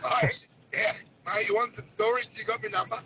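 A man with an Australian accent calling a talkback show, folksy and friendly, talking in halting bits. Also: high-pitched, steady tone, bright, forceful tone, husky. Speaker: radio caller. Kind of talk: talkback call.

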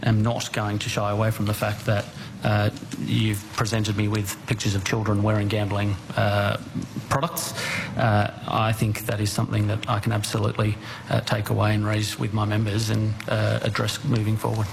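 A man's voice: lowish voice, monotone, normal speed, gravelly, hardly any pauses, noisy background. A man giving hesitant testimony at a Senate hearing, filling his answers with "uh". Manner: hesitant, lots of "uh"s. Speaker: gambling industry spokesman.

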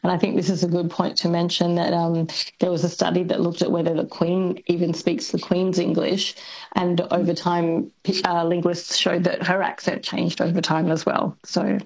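A woman linguist, explaining on talkback radio in a thoughtful, hesitant way with many pauses. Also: on the low side, little pitch movement, gravelly, darkish tone, poor audio. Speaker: linguist guest.

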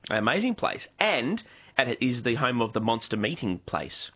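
Australian male co-host, animated delivery, husky edge. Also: medium pitch, moderate pace. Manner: enthusiastic, jokey, talks up local history. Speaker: radio co-host. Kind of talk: casual radio chat.

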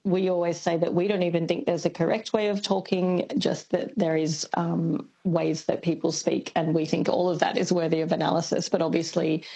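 A woman, a linguist guest on a radio show, explaining carefully with frequent pauses and ums. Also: on the low side, level tone, creaky, dark tone, husky, low-quality recording. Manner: thoughtful, explanatory, many ums. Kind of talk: radio interview.

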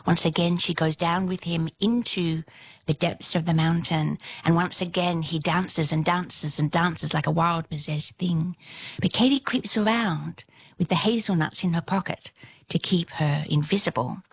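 Gravelly-voiced woman telling a folktale. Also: lowish voice, steady tone, unhurried. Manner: dramatic, drops into whispers for suspense. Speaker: storyteller. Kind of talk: oral folktale storytelling.

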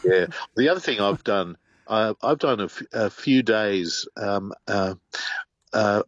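A man's voice: fairly low pitch, unhurried, no echo, highs cut off. An older man, co-hosting a radio talk show with reflective, hesitant remarks. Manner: reflective, hesitant, lots of ums. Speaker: radio co-host.

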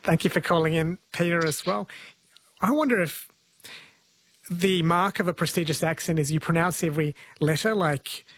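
A woman's voice: fairly low pitch, moderate pace, no room sound. A woman hosting a talkback radio show, curious and conversational. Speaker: radio host.

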